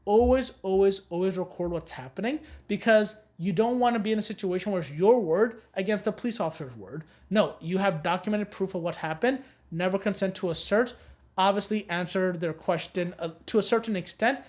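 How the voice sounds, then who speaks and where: A woman's voice: mid-range voice, fairly quick, a little mellow. A woman teaching a recorded know-your-rights course, giving blunt and emphatic advice and repeating her key warnings. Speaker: course instructor.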